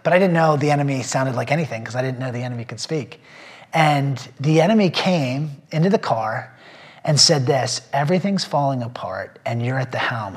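Male pastor, testimony to a small group, earnest and rambling, voice a bit high. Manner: earnest, rambling, with many fillers and restarts; emotional when telling faith stories.

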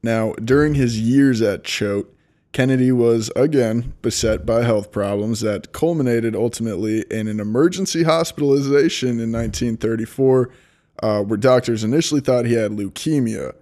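A man's voice: mid-range voice, normal speed, dark tone. Guy with a boston accent reading history notes on a podcast, swears a lot, keeps laughing. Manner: profane, laughing, loose storytelling. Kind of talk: casual comedic history podcast.

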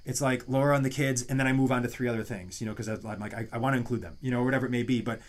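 A man's voice: mid-range voice, steady tone, rapid-fire. A man in his thirties hosting a casual podcast, talking loosely with many restarts and asides. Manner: rambling, many restarts and "you know what I mean". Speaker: podcast host.

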